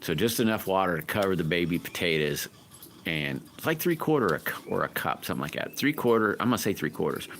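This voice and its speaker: A man's voice: low-pitched, sing-song, fast, fairly bright tone, a little hiss or hum. A man hosting a livestream, rambling through folksy stories and chatting casually with viewers. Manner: rambling folksy storytelling, laughs often. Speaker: livestream host.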